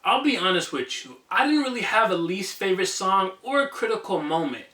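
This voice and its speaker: Bright-voiced male music reviewer, echoey room. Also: sits high, very animated, brisk, distant mic. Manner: enthusiastic, conversational, some fillers. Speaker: music reviewer, channel host. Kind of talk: casual spoken album review. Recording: echoey room, voice a bit off-mic.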